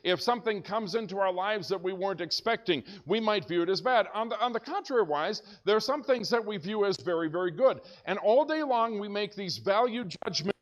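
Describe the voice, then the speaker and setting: Animated storytelling pastor with a higher voice. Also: male voice, fairly quick, few pauses, dull audio. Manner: animated storyteller, shouts when excited. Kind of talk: storytelling sermon. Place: church sanctuary.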